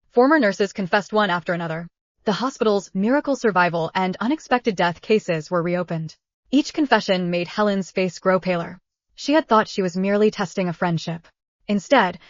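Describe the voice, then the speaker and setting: A woman telling a scripted first-person drama in a steady, even voice at an ordinary pitch. The recording is dull and a bit lo-fi, and the room is dry with no echo. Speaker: story narrator.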